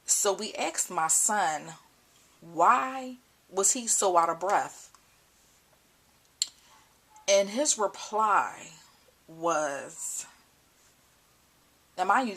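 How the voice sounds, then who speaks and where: A young mother talking to the camera at home, emotional and choked up, halting and repeating herself. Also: medium pitch, expressive, fairly bright tone. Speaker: mother vlogger. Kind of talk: personal vlog talk. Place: at home indoors. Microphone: camcorder built-in mic.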